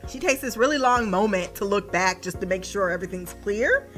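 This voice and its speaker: Animated, bright-voiced young woman. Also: mid-range voice, brisk, faint music behind. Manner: animated, laughs often, swears, mimics characters. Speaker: podcast host recapping a TV episode. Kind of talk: casual chat.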